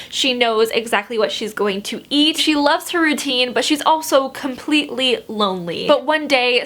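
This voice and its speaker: A woman in her twenties talks through her latest book haul in a chatty, bubbly vlog style, often breaking into light laughter. Her voice sits high and sounds bright and forward, and she keeps the mood upbeat from book to book. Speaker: book vlogger.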